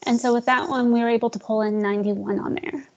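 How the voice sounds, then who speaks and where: A woman leading a screen-share software tutorial for real estate agents, talking casually, calling her listeners "guys" and joking about slow screens. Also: fairly high pitch, fairly even intonation, lo-fi sound. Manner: chatty, addresses audience as guys, jokes about glitches.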